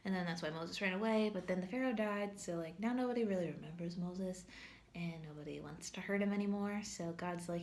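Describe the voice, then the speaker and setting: A woman's voice: on the low side, a little fast, a little hiss or hum. A woman giving a casual, humorous Bible lesson at church, chatty and full of filler words. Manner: chatty, humorous, says "like" a lot. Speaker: church teacher.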